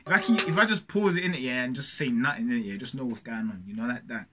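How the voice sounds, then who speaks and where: A young man hosting a reaction video, talking in excitable street slang and throwing in shouted interjections. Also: mid-range voice, quick pace, heavy background noise. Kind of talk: hyped casual reaction commentary. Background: music track playing faintly.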